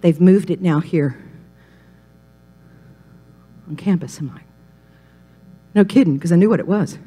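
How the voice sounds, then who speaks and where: A woman from Mississippi, a pastor's wife telling her testimony on a talk show, animated and dropping to hushed whispers for emphasis. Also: on the low side, moderate pace, husky. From Mississippi, USA.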